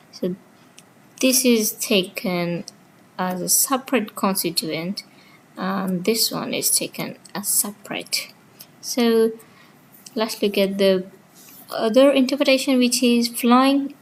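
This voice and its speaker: A woman's voice: mid-range voice, a little hiss or hum, rough recording. A woman teaching linguistics in a casual lecture, walking through her slides point by point, with small grammar slips.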